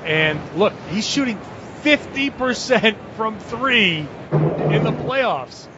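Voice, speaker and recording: A man co-hosting a casual sports podcast, animated as he reads listener tweets aloud. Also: sits high, takes it slowly. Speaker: podcast co-host. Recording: muffled lo-fi audio with clear background noise.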